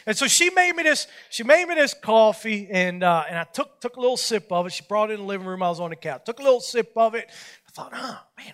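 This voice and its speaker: A man with a high voice preaches in a relaxed storytelling style. He pokes fun at himself and livens up as he acts out the scenes, keeping it casual and folksy. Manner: folksy, self-mocking, animated when retelling scenes. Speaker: preacher leading a Bible study. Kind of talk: storytelling sermon.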